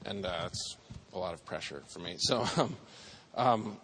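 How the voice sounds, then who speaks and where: A man's voice: deep voice, unhurried, fairly bright tone, slightly rough, big-room sound. A father talking hesitantly about faith and parenting, searching for his words. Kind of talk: casual talk on faith and parenting.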